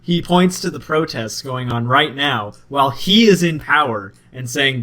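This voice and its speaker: A man's voice: medium pitch, expressive, moderate pace, sharp tone. Emphatic man, indignant podcast co-host. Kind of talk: casual political chat.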